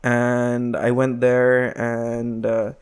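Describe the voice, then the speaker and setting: A man's voice: medium pitch, completely flat delivery, very slow, clear, resonant tone. Chatty young man telling stories. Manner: chatty, lots of "like" and restarts. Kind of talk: casual storytelling chat.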